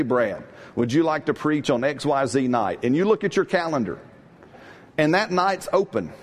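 A middle-aged man preaching a sermon in a lively, conversational way, often asking his congregation questions. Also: on the high side. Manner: animated, call-and-response with congregation. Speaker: pastor.

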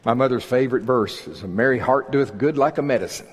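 A fast-talking Oklahoma man in his sixties, medium-pitched and husky, preaches a folksy, joking sermon that climbs to emphatic peaks. His voice echoes through a large reverberant hall.

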